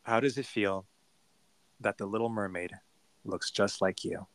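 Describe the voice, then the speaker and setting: A man's voice: fairly low pitch, steady tone, a little slow, no room sound. A man co-hosting a podcast in casual chat, enthusiastic and full of affirming reactions. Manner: enthusiastic, warm reactions, lots of affirming murmurs. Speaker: podcast co-host.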